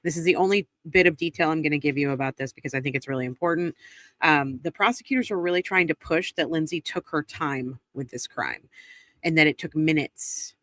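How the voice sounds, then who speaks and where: A trial recap host delivers blunt, indignant casual commentary and swears freely. Her voice is bright and sharp yet sits low, and she speaks fairly quickly. The recording is close and dry, with no room sound or echo.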